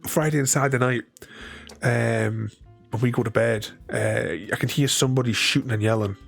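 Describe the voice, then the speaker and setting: A man's voice: mid-range voice, moderate pace, vocal fry, faint music behind. A man casually chatting with his viewers while playing a solo board game, thinking aloud and laughing often.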